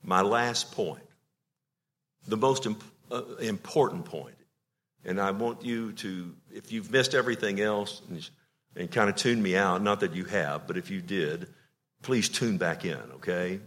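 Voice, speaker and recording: A middle-aged male pastor preaching a sermon with emotion, swinging from loud declarations to hushed, tender lines. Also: fairly low pitch, a little slow.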